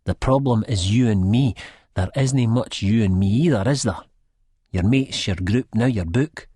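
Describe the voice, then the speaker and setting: A man voicing a weary young woman, speaking in a hushed, tired and guarded way. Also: on the low side, measured pace, breathy edge, no room sound, clean studio sound, pitched above the performer's own voice. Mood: strained. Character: weary young Scottish woman, quiet and strained.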